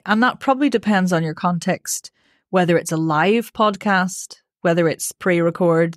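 Woman, voice coach, lowish voice, dry close sound, methodical upbeat explaining. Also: no room sound. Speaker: voice coach, podcast guest. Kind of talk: interview answers, explaining.

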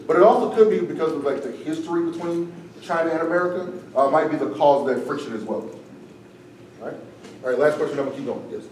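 Talking fast, this man teaches a debate class casually, tagging his points with "right?" while his voice grows strained and worn. He sounds slightly high for a male, recorded at a distance in a spacious, echoing room with faint background noise.

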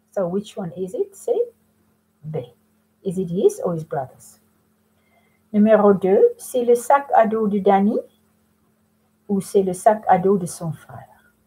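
A woman's voice: mid-range voice, mellow, breathy edge, low-quality recording. A woman teaching French to students in a remote lesson, patiently explaining step by step and mixing in French phrases.

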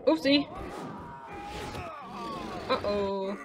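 A woman's voice: mid-range voice, very slow, noisy background. A woman casually commenting on a video game she is playing, chatting to the characters and making playful sound effects. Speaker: let's play gamer.

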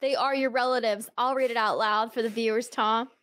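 A woman co-hosts a podcast, chiming in with short, dry quips in casual chat. Her voice sits a touch higher than most. It is recorded close and dry, with no echo. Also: steady tone, brisk, fairly bright tone. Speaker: podcast co-host.

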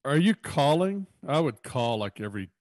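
A man from Texas co-hosting a podcast, relaxed and explaining things at length. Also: mid-range voice, moderate pace, dry recording. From Austin, Texas. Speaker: podcast co-host. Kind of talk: casual podcast chat.

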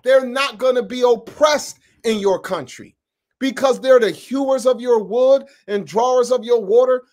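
With loose, animated fervor, an upstate New York man teaching the Bible preaches in slang-heavy language and keeps turning to address his audience. He pitches high for a male speaker and swings from forceful, loud bursts to softer passages.

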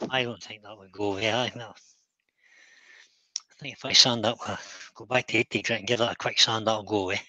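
A man's voice: lowish voice, fairly even intonation, normal speed, sharp tone, dry recording, low-quality recording. A Scottish man hosting a live stream while he works, chatting casually, thinking aloud and picking at his own work. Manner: thinks aloud, self-critical and easygoing. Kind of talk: casual chat while working.

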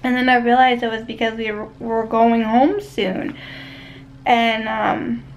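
Rambling young woman with a gravelly edge. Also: on the high side, steady tone, a little slow, slight background noise, low-quality recording. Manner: rambling, many fillers and restarts. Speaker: vlogger. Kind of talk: casual chat to camera. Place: vacation condo indoors.

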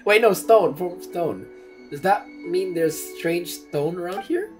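A gamer giving casual commentary while playing, reacting loudly and swearing freely. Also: mid-range voice, slow pace. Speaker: gamer playing through a game. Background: game music.

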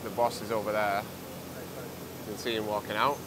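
A young man talking to a handheld camera in a casual travel vlog, excited and chatty, peppered with "like". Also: fairly low pitch, moderate pace, noisy background. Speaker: vlogger and online seller. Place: on a street and in a factory.

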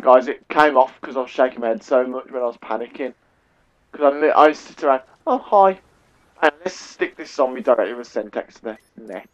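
Through a headset mic and lo-fi sound, a young gaming YouTuber with an English accent talks over his shooter gameplay in a medium-pitched voice. He's chatty and self-deprecating, addressing viewers as "guys."

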